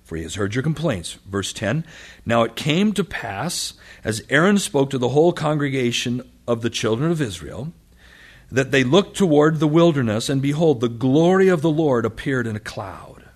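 A man's voice: mid-range voice, normal speed. A man preaching a sermon, reading scripture aloud and acting out the voices of the people and of God. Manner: animated, acts out quotes of the people and God. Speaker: pastor.

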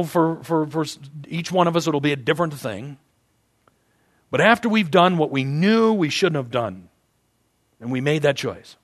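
A man's voice: fairly high pitch, a bit bright. A male pastor preaching a conversational sermon, emphatic and often repeating his words as he builds a point.

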